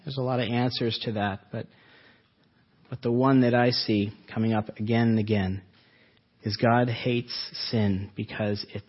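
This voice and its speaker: Male pastor, husky voice, earnest sermon delivery with rhetorical questions, muffled low-fidelity sound. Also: fairly even intonation. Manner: earnest, asks rhetorical questions, slows for emphasis.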